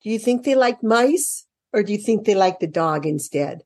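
A woman's voice: mid-range voice, expressive, normal speed, darkish tone, no echo. A woman walking parents through children's reading workbooks in a chatty, thinking-aloud way, turning sing-song when she reads to children, speaking into a computer mic during an online share. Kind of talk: casual instructional walkthrough. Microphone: computer mic during an online screen share.

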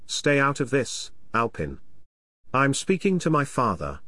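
A man's voice: mid-range voice, wildly swooping pitch, a little slow, pushed and bright, no room sound, clean studio sound, exaggerated voice. A man reading the part of a hotheaded young warrior who lashes out in anger. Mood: defiant. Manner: angry, defiant outbursts.

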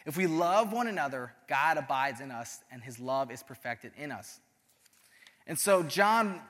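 A young man as youth pastor, giving a sermon, telling stories in an animated, self-deprecating way. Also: mid-range voice, long reverb tail.

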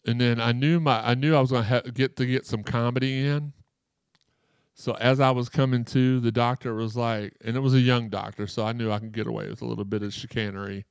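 A man's voice: medium pitch, fairly even intonation, brisk, clean tone, dry recording. A man hosting a live podcast, joking and rambling as he reads chat comments aloud, his throat sore after surgery. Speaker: podcast host.

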